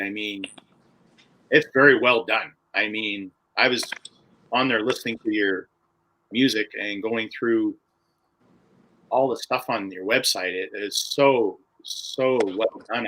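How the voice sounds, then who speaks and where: A man's voice: on the low side, a little slow, fairly bright tone, a little hiss or hum, poor audio. A man hosting a casual interview, enthusiastic and loose, with many fillers. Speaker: podcast host.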